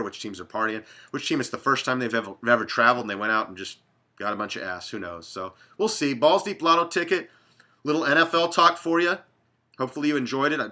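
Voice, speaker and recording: Casting: man in his thirties, sports betting host, casual rambling monologue, blunt and profane, bright edge to the voice. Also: medium pitch. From Dallas, Texas.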